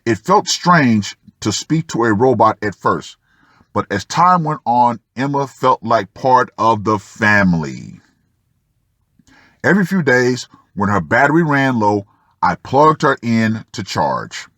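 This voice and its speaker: A man's voice: mid-range voice, very animated, slow pace, a bit bright, dry recording, clean studio sound. A man reading a first-person article aloud and breaking off for sardonic asides to the listener. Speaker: channel host reading an article.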